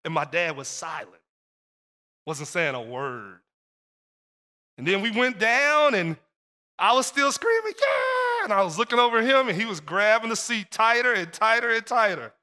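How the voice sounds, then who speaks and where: High bright-voiced man preaching. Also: expressive, normal speed, pauses often, clean tone, in a large hall. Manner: storytelling, repeats phrases for emphasis. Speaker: pastor. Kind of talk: sermon.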